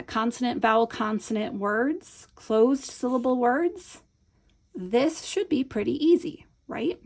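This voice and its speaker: A woman with a highish, creaky voice of darkish tone teaches a hands-on reading lesson as a Montessori teacher. The demonstration is patient and encouraging, with regular check-ins with the viewer.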